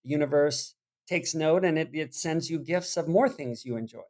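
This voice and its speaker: A man's voice: fairly high pitch, moderate pace. A man who is an actor, chatting as a podcast guest and telling stories with frequent laughter. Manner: laughing, animated storyteller. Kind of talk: casual interview chat.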